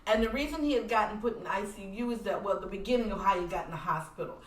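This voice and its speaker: A woman guest on a podcast telling a personal story in an earnest, animated way and speaking of her faith. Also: medium pitch, fast talker. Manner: animated, acts out voices in quoted dialogue. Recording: roomy sound from a distant mic.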